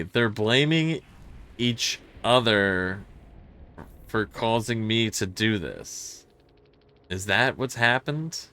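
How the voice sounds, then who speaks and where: A man's voice: on the low side, animated, extremely slow, long pauses, sharp tone. Puzzled, swearing male game streamer. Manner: frank, swearing, puzzled and self-critical. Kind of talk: casual gameplay commentary.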